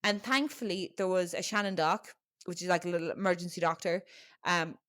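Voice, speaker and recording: A woman's voice: lowish voice, fairly even intonation, a little fast, a bit bright, no room sound, studio quality. A young adult woman with an Irish accent, hosting a podcast and telling a personal family story in a chatty, frank way, with lots of fillers and the odd swear word. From Ireland. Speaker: podcast host.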